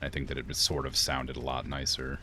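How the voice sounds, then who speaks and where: A man's voice: rumbling low, monotone, a little fast, pushed and bright, a little hiss or hum. A man streaming a game in casual chat, rambling through viewer questions with lots of "like" fillers. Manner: rambling, heavy use of "like" fillers; answers viewer questions while playing.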